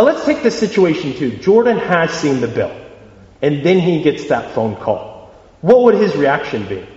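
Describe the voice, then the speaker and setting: A man's voice: a little high, normal speed. A young man preaching a sermon, posing questions to his listeners and acting out little scenes. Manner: animated, asks the audience questions, acts out voices. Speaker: youth preacher. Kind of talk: sermon with acted-out scenarios. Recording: echoey hall, slightly dull.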